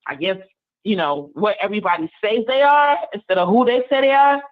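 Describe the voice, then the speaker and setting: A woman's voice: mid-range voice, sing-song, brisk, phone-quality sound. A woman co-hosting a radio talk show, emphatic and confident in her encouragement.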